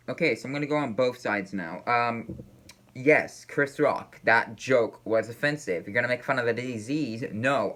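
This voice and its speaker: A man hosting a casual reaction video, talking in a rambling, halting way with many fillers and restarts, apparently from a room at home. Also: mid-range voice, pushed and bright.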